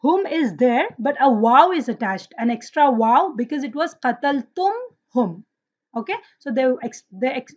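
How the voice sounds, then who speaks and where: A woman teaching an online Arabic grammar class, asking students questions, praising their answers and reciting Quranic verses. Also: sits high. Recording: dull lo-fi audio.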